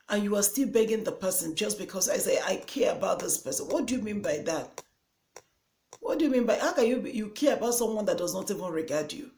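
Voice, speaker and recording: A woman's voice: medium pitch, a little mellow. A woman with a Nigerian English accent giving earnest motivational advice in a vlog. She repeats herself for emphasis. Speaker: vlogger. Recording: echoey room.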